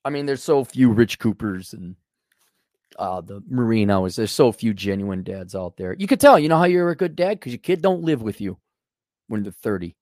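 A man's voice: lowish voice, sing-song, normal speed, a little mellow, no room sound, clean studio sound. A man hosting a livestream, ranting sarcastically and bluntly while reading out donations. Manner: sarcastic, blunt, acts out imagined dialogue. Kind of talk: casual ranting monologue.

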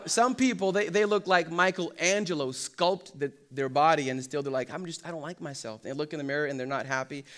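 A young man preaching a sermon in church, telling funny stories with lots of energy and acting out the quotes. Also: fairly high pitch. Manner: animated storytelling, acts out quotes and jokes. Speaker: pastor. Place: church hall.

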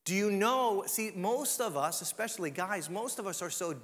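Guy preaching, dramatic, drops way down to a hush, pretty high voice. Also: lively intonation, normal speed, long reverb tail. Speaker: pastor. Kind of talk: sermon.

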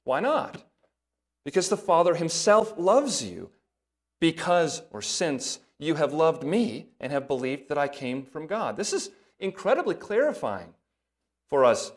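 A man preaching from the pulpit, working steadily through a passage of scripture. He reads the verses with lifted emphasis and drops to a softer, lower voice for brief asides. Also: big pitch swings, unhurried. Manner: breaks into soft asides in a lower voice. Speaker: pastor. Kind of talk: sermon.

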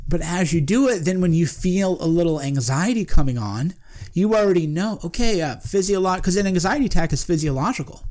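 A man's voice: a little high, darkish tone. Emphatic man hosting a podcast. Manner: emphatic, self-interrupting, repeats phrases. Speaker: podcast host. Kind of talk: casual monologue.

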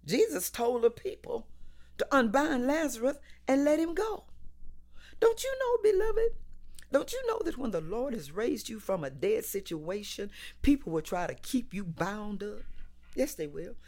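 A woman preaching a sermon in a rhythmic, repetitive cadence, swinging between hushed whispers and loud cries. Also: a little high, very animated, normal speed.

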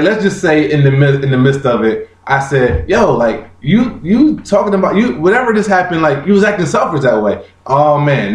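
Animated man, echoey room. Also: fairly high pitch. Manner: animated storytelling, heavy slang and profanity. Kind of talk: casual chat.

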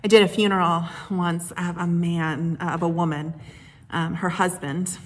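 Husky-voiced woman pastor preaching gently. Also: on the low side, fairly even intonation. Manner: gentle, unhurried storytelling with soft hushed moments. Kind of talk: sermon with personal stories.

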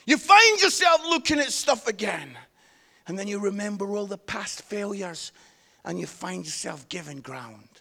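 A man, preaching a sermon with animated storytelling and self-deprecating humor. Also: high-pitched, moderate pace, creaky. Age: 50s.

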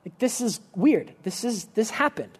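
A man's voice: sits high, animated, moderate pace, breathy edge. A man preaching a conversational sermon in a church, earnest and informal, often restarting his sentences. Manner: earnest, casual, many restarts and "like" fillers. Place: church service room.

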